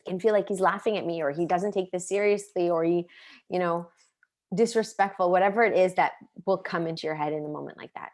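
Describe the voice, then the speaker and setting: A woman's voice: lowish voice, fast talker, a little mellow. A woman in her thirties teaching an online parenting class, earnest and full of questions, sharing personal stories. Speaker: parenting coach.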